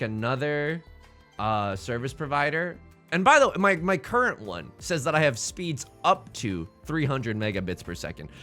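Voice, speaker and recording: A man hosting a Let's Play, giving casual, joking gameplay commentary in a theatrical, animated manner. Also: medium pitch.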